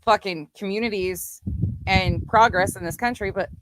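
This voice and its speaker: A woman's voice: mid-range voice, moderate pace, no room sound. Blunt sarcastic woman commentator. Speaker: commentary streamer. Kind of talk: casual commentary.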